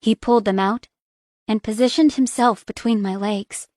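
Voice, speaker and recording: A young adult woman narrating a first-person romance audiobook in a soft, intimate reading. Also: on the high side, steady tone, moderate pace, no room sound, studio quality.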